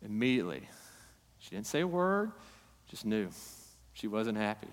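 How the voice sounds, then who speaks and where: A man in his thirties preaching a sermon in a church hall, swinging from loud emphatic peaks down to quiet, low asides. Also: very animated, normal speed. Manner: impassioned, rising to loud emphatic peaks then dropping low. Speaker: pastor. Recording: long hall reverb.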